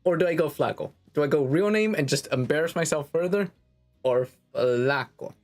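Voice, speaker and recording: A man's voice: on the high side, fast, a little mellow, faint music behind. A man streaming a game, chatting with his viewers in a playful, self-mocking way. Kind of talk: casual livestream chat.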